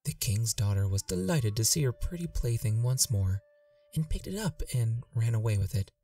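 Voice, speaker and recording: A man narrating a classic fairy tale in a gentle, lilting storytelling manner. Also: mid-range voice, very animated, normal speed, far from the mic, faint music behind.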